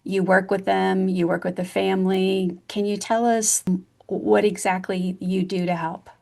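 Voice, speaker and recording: A woman's voice: medium pitch, level tone, unhurried, creaky, a little mellow. A woman hosting an interview podcast, talking in an affirming, conversational way before asking her guest a question. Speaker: podcast host. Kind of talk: casual interview.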